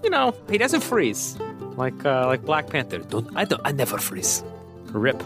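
A man's voice: mid-range voice, huge pitch swings, normal speed, over music. A man co-hosting a casual movie podcast, laughing often and slipping into goofy impressions. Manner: playful, laughs often, drops into goofy character voices. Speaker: podcast co-host.

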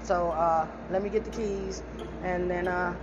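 A woman hosting a casual podcast chat, loud and teasing with profane banter. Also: on the low side, fairly even intonation, unhurried, highs cut off, background noise. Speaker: podcast host.

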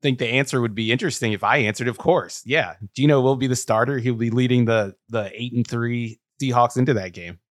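A man co-hosting a football podcast, laying out measured, matter-of-fact predictions. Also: medium pitch, no room sound, studio quality. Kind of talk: casual sports analysis.

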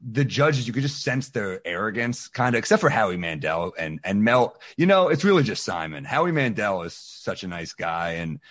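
Low-voiced man telling a comedy story. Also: normal speed, few pauses. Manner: animated, acts out quoted voices. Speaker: stand-up comedian, podcast guest. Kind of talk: casual storytelling.

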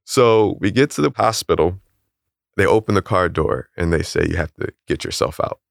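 A young man calmly and plainly recounting a personal story in a casual interview. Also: low voice, normal speed, vocal fry, dry recording, clean studio sound. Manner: calm, matter-of-fact, chuckles at odd details.

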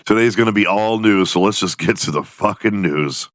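A man's voice: on the low side, moderate pace, loud music behind the voice. A man hosting a solo podcast, rambling and joking with lots of swearing. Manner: profane, rambling, jokey. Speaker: podcast host. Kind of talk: casual solo podcast rant.

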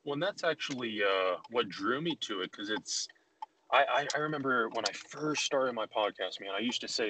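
A man's voice: mid-range voice, lively intonation, moderate pace, sharp tone, slight background noise, low-quality recording. Rambling casual male podcast host. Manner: rambling, many restarts and fillers. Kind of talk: casual conversation.

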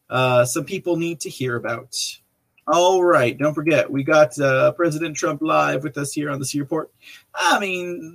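A man's voice: on the high side, fairly bright tone. A man hosting a podcast, talking casually and rambling to his listeners, with chuckles between remarks. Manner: rambling, chatty, addresses listeners directly. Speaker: podcast host. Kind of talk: casual live-stream commentary.

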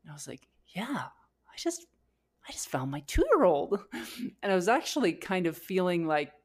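A woman's voice: fairly low pitch, big pitch swings, normal speed. A woman co-hosting a podcast, telling a candid, emotional personal story with frequent restarts and filler words. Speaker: podcast co-host.

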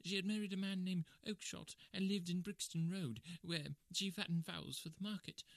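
Scared young crook w/ a crackly rasp, man doing the voice, begging, dry audiobook read. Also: high voice, steady tone, normal speed, no room sound, pitched above the performer's own voice. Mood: confessing. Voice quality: crackling, gravelly voice. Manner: pleading, shrieking at times. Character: frightened young male thief, cringing and begging. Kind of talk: audiobook character reading.

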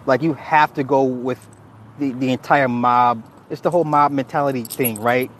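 A man giving casual livestream commentary, animated and laughing often, swearing freely and restarting his sentences. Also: mid-range voice, normal speed, a little hiss or hum. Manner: frequent restarts and repeated words. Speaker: streamer reacting to viewer comments.

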